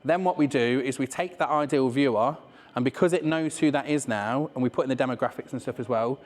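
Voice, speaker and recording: A man's voice: medium pitch, fairly quick, in a large hall. A man with a Leicester accent giving a casual, swearing business talk to a live audience, often asking "right?". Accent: Leicester English. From England. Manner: chatty and swearing, with many "right?" asides. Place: room with an audience.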